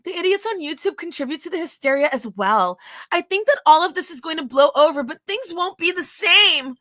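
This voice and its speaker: A woman voicing a dull adult man, reading his bland text replies aloud in a mocking, flat way. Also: very high voice, brisk, dry recording, clean studio sound, voice pushed up.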